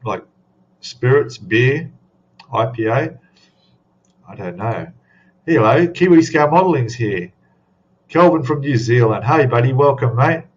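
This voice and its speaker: A man's voice: medium pitch, expressive, measured pace, pauses often, muffled recording. A man hosting a casual live stream, rambling chattily and greeting viewers by name. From Australia. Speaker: livestream host.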